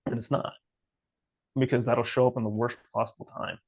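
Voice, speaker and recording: Podcast co-host, male, mid pitch, blunt motivational talker, dry close sound. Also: fairly quick, dry recording. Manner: blunt, preachy, animated mocking asides. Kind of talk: casual motivational chat.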